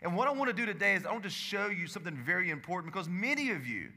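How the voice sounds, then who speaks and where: A man preaching a sermon as pastor, swinging between loud urgent stretches and low hushed lines. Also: sing-song, rapid-fire, long reverb tail. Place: church sanctuary.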